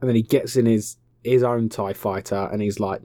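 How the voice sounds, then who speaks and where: A man's voice: mid-range voice, normal speed, hardly any pauses, dark tone, no room sound, clean studio sound. A young man giving a casual, sarcastic film recap. He swears freely and mockingly acts out the characters' lines.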